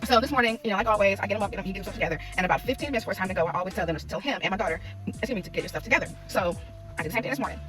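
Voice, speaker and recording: A young adult woman, a parenting content creator, telling a story from her morning in a casual, animated vlog and acting out the quotes. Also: mid-range voice, distant mic, faint music behind. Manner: rapid, animated retelling with acted-out quotes.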